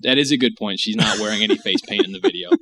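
A man's voice: fairly low pitch, lively intonation, rapid-fire, gravelly, sharp tone. A man hosting a podcast, chatting casually with wry, sarcastic humor. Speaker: podcast host. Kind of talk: casual chat.

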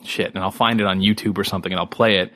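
A man with a lowish voice co-hosts a loose podcast chat, teasing his partner in a wry, easygoing way. The sound is dry and close, with no room around it. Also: fairly even intonation, rapid-fire, a bit bright, no echo. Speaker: podcast co-host. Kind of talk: casual chat.

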